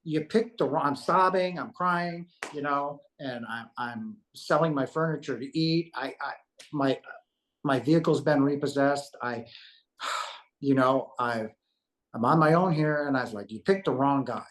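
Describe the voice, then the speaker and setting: A man's voice: mid-range voice, measured pace, fairly bright tone, poor audio. A man giving an earnest spiritual testimony as an interview guest, emphatic, repeating himself and asking "right?" as he goes.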